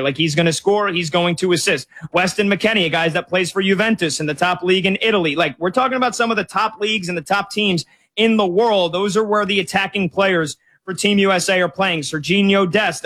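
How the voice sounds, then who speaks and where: A man co-hosting a sports talk show, casually breaking down soccer with lots of stats and quick self-corrections. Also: sits high, a bit bright. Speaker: co-host sports analyst.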